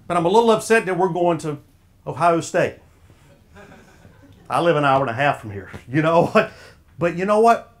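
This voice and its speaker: A man with a Southern drawl speaks a little above the usual male pitch. He gives a folksy, sermon-like motivational talk and keeps throwing questions at the crowd. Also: expressive, moderate pace, pauses often. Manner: folksy, preacher-like, quizzing the audience. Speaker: speaker at an officials' association.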